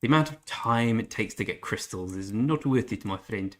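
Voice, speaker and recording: A man's voice: lowish voice, normal speed. Man, gaming streamer, casual live-stream chat, reads out chat, mutters to himself.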